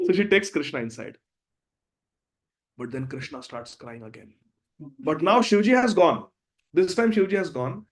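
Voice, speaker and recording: A man retelling a devotional story in an animated way, with chuckles. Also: fairly high pitch, measured pace, pauses often. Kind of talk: storytelling sermon.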